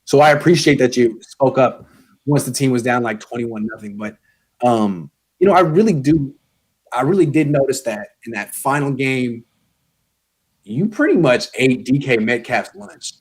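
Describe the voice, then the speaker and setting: A man's voice: medium pitch, expressive, moderate pace, breathy edge. Blunt sarcastic man grading football players. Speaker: guest sports commentator. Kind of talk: casual podcast chat.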